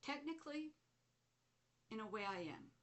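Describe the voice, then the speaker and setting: A woman voicing a gentle, protective old female spider spirit who speaks calmly and patiently. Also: fairly high pitch, normal speed, pitched above the performer's own voice. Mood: calm, reassuring. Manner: calm, reassuring, patient.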